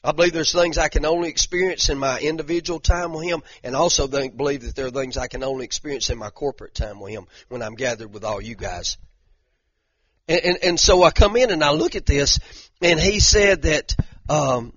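A man's voice: on the high side, brisk, a bit bright, slightly rough, no room sound, highs cut off. A man preaching a sermon in a folksy, fervent way, repeating himself for emphasis. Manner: folksy, fervent, speaks in repetitions.

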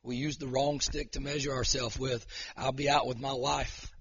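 Male pastor, mid-pitched husky voice, passionate preaching and prayer, dull recording. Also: flat delivery, moderate pace, fairly bright tone. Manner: emotional, fervent preaching that swells into declarations. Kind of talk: sermon.

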